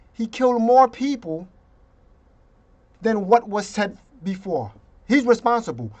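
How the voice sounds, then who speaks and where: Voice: mid-range voice, big pitch swings, measured pace, pauses often, a little mellow, highs cut off. A vlogger delivering an emphatic, indignant political rant and slipping into mocking voices now and then.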